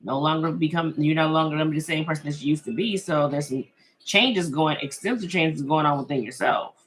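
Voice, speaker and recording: A woman's voice: low voice, a little fast, slight background noise. Chatty middle-aged woman reading tarot live. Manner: chatty and reassuring, reads viewer comments aloud and laughs often. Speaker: tarot reader and live stream host.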